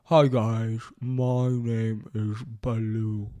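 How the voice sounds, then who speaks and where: A man's voice: fairly low pitch, level tone, extremely slow, dark tone, dry recording. Baloo, a friendly bear, as a man puts him on. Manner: throaty voice from the back of the throat. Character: friendly easygoing male bear. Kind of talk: casual character voice practice.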